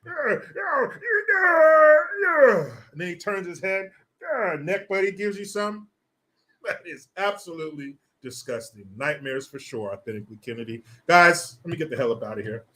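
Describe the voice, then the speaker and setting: A man's voice: on the high side, a little fast, bright, forceful tone. A man hosting a livestream, talking casually and crudely, mocking with big theatrical swings. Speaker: livestream host.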